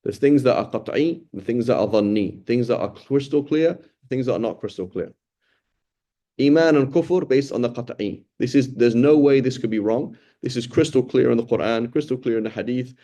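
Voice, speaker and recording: A man's voice: medium pitch, mellow. A middle-aged man teaching an informal lecture on Quran study, talking conversationally and often checking in with "right?". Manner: conversational, thinks aloud with frequent "right?" and restarts. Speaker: religious teacher.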